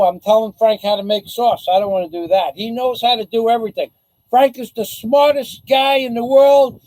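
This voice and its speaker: A man's voice: very high-pitched, a little mellow, no echo, low-quality recording. A man vlogging to camera in a sarcastic, rambling, taunting way. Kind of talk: casual mocking chat to camera.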